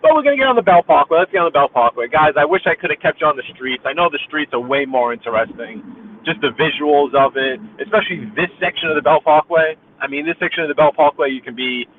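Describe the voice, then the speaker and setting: A man's voice: on the high side, fast, slight background noise. A man from Brooklyn with a New York accent, rambling casually to live-stream viewers while he drives. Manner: rambling, talkative, chatty with viewers. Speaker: live-stream driving host. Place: inside a car. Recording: tinny phone-like audio.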